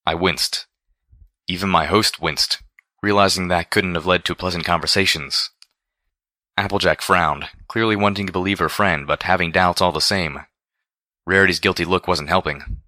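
A man narrates a first-person story with a very deep, low voice that carries a forceful, tense edge. His reading is measured and deliberate, recorded close and completely dry. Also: fairly even intonation, no echo. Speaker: audiobook reader.

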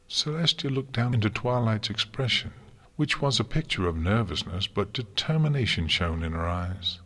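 A man reading a fanfiction story aloud in a measured, even way. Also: on the low side, husky. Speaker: narrator.

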